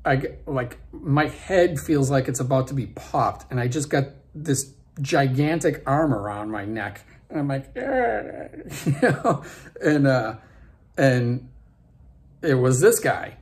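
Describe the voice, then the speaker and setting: A man's voice: mid-range voice, animated, takes it slowly. A man in his forties hosting his own vlog, telling a backstage story in a rambling way with many fillers and restarts. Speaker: vlog host. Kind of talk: casual storytelling.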